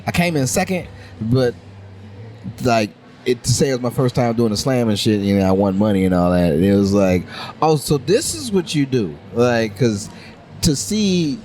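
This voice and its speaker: A man's voice: on the low side, moderate pace, a little hiss or hum. A young man from New Orleans hosting a casual podcast chat, telling stories with lots of acted-out voices. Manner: animated storytelling, acting out other people's voices. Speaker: podcast host.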